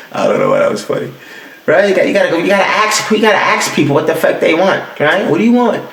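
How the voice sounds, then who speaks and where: Here a young man in early adulthood runs a casual solo podcast rant from his home, in a room with the heat off and a roomy sound. His voice is high-pitched with vocal fry, and he swears freely while animatedly acting out quotes in his stories.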